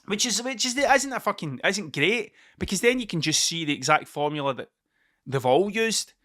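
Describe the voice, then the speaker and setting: A man's voice: high voice, animated, moderate pace, sharp tone. A Scottish man hosting his own podcast, rambling and swearing freely as he drifts from one point to the next. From Scotland. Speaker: podcast host. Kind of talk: casual solo podcast monologue.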